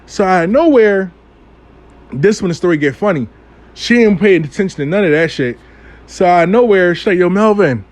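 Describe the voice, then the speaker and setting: A man's voice: sits high, expressive, normal speed, long pauses, a little mellow. A man telling a casual, profane story in loose street slang, often repeating phrases like "out of nowhere". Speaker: storytime vlogger.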